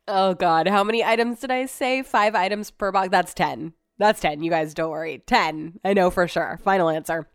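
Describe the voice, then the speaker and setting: A woman's voice: medium pitch, moderate pace, smooth. A woman chats on her own podcast from home in a loose, rambling way, with plenty of casual swearing. Her voice sits in a middle register. The sound is dry and close, with no room echo. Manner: rambling, chatty, swears freely. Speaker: podcast host. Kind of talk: casual solo chat.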